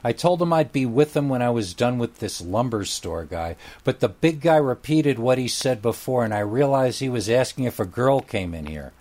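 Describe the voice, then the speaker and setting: A man's voice: mid-range voice, expressive, moderate pace, hardly any pauses, darkish tone. A man narrating a first-person story in a casual, wry storytelling manner.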